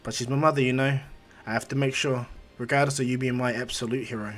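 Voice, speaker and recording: Cocky teen boy hero, voiced by a male narrator, casual and offhand, mid-pitched. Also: fairly even intonation, fast, a bit bright, lightly acted. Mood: firm.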